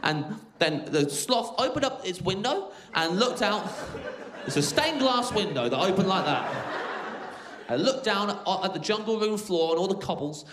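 Stand-up man, high, animated, sardonic rambler, echoey club with a noisy crowd. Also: moderate pace. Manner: absurd rambling storytelling, sardonic. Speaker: stand-up comedian. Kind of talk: stand-up comedy. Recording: roomy club sound with loud crowd.

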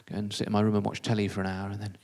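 A man's voice: fairly low pitch, completely flat delivery, very fast, gravelly, darkish tone. A man telling a comic first-person story in a self-deprecating, conversational way.

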